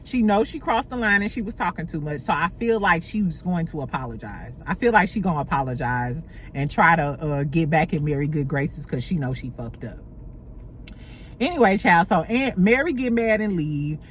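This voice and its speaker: A woman hosting a casual reality TV recap at home, animated and profane. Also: low-pitched, moderate pace, a little hiss or hum. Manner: animated, mimics cast members, profane. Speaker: podcast host recapping reality TV.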